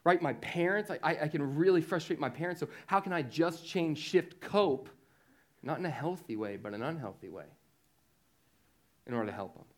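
A man giving a youth sermon, who talks lively and often asks the young audience "right?". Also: on the high side, normal speed. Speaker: youth speaker.

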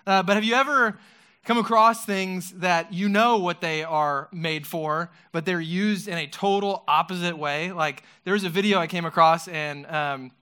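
A man giving a casual youth sermon, chatty and animated, with many rhetorical questions and fillers. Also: high-pitched, smooth. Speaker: youth pastor.

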